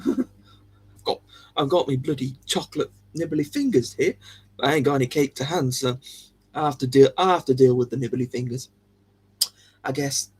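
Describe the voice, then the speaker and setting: A man's voice: mid-range voice, expressive, normal speed, long pauses, a little mellow, slightly rough. A man hosting a livestream, chatting casually with viewers in a jokey, giggly way. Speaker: livestream host.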